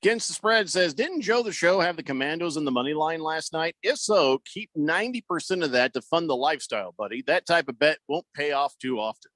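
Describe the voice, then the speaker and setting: Man, sports radio host, lively swinging pitch, fairly high voice, dry studio sound, mocking and animated. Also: a little fast, few pauses, dry recording. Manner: animated, mocking, reads listener messages aloud. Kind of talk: casual sports radio talk.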